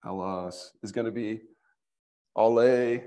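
A man teaching a Greek language class in a church classroom, slow and patient, thinking aloud with fillers as he explains. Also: fairly low pitch, steady tone, dark tone.

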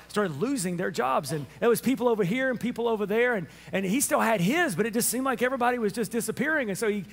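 Man, pastor, high voice, sermon, animated storyteller, acts out dialogue. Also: quick pace, gravelly. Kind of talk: Easter sermon.

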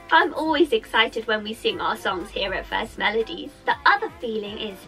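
A woman's voice: a little high, expressive, normal speed, few pauses, music in the background. Cheerful British woman teaching small children. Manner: cheerful, sing-song, talks directly to children. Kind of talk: interactive kids' music session.

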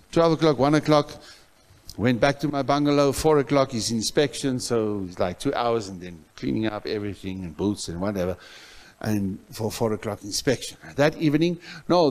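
A male pastor from South Africa preaching a sermon in a church, telling a story with loud outbursts that drop to soft asides. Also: medium pitch.

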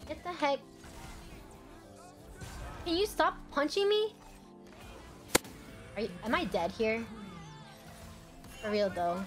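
A young adult woman chatting casually and excitably while commentating her own gameplay, quick to laugh and to yell at the screen. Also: fairly high pitch, music in the background. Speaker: gaming streamer.

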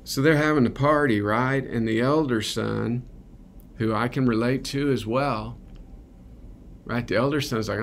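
A man's voice: medium pitch, unhurried, creaky, slight background noise. A man giving a conversational, earnest sermon at a recovery ministry, often checking in with "right?". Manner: earnest, keeps asking "right?".

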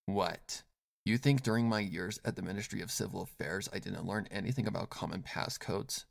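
A man voicing a cool, low-spoken female agent. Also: normal speed, vocal fry, no room sound, studio quality, heavily acted. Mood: confident. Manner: low, hushed, self-assured.

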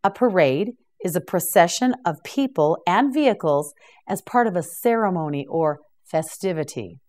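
A woman's voice: lowish voice, expressive, normal speed, a little mellow. A woman teaching English vocabulary, saying each word several times and patiently prompting the learner to repeat it. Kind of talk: slow, clear pronunciation drill.

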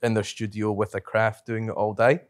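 A lower-voiced man with a strong brogue chats on a podcast, drifting through long thoughts and correcting himself as he goes. The sound is close and dry, with no room around it. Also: little pitch movement, moderate pace, dry recording. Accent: strong brogue, not New Zealand. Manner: thoughtful, rambling, self-correcting. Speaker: podcast co-host and festival director. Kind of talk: casual podcast chat.

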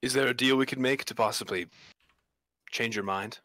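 A man's voice: medium pitch, moderate pace, sharp tone, no echo, close to an everyday voice. A man playing a proud noble adventurer. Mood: stately.

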